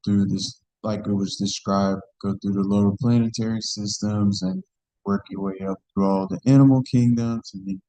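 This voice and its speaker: A man's voice: fairly low pitch, normal speed, warm tone, poor audio. A man in the audience asking a question hesitantly, with many fillers.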